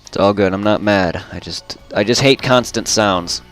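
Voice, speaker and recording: A man's voice: on the low side, normal speed, fairly bright tone, faint music behind. A man chatting casually while streaming a game, rambling and repeating himself. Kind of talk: casual chat while gaming.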